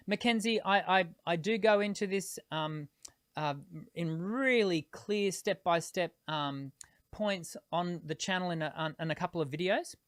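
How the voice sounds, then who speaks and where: A man hosting a live singing Q&A as a voice teacher, explaining technique patiently and pausing to demonstrate tones, with frequent hesitations between points. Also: high voice, no room sound, clean studio sound. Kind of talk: live-streamed Q&A.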